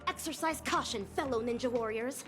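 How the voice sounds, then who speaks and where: A woman reading a wary female ninja warrior's game lines in a grave, measured put-on voice. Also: a little high, over music, close to an everyday voice. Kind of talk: reading game dialogue aloud.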